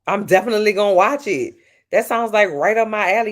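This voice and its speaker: A woman from Louisiana, with the accent to match, is live streaming from home at night and answering her chat. Her medium-pitched voice moves quickly, and she's sassy and playful, talking straight to her viewers.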